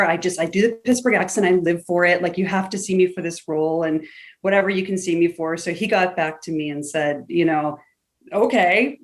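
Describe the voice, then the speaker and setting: A woman actor telling a long story on a video call, chatty and animated, acting out what people said. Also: lowish voice. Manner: animated, chatty storyteller who acts out quotes.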